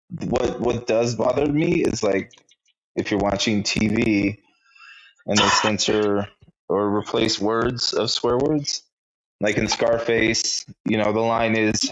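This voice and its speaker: A man with a low voice co-hosts a casual podcast chat, laid-back and blunt, swearing casually. His mic sounds dull and lo-fi, with clicking in the background. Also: slow, a little hiss or hum. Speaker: podcast co-host.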